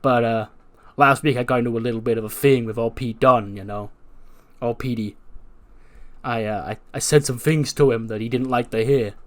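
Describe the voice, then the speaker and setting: A man's voice: medium pitch, fairly even intonation, moderate pace, lightly acted. A man voicing a cocky young male wrestler who brags and mocks his rivals. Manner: boastful, mocking.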